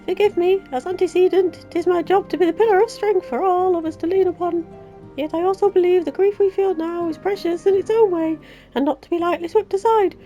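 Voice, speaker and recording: A Yorkshire woman putting on a higher voice to read a grieving young woman leader's lines in a mock-solemn way. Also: steady tone, brisk, dark tone, soft background music. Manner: mock-solemn, archaic-sounding reading.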